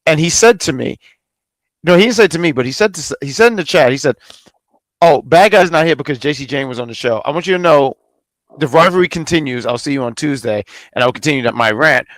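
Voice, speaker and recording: A man hosting a casual podcast, lively and jokey, stumbling over his words now and then. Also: fairly high pitch, fast talker, dry recording. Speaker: podcast host.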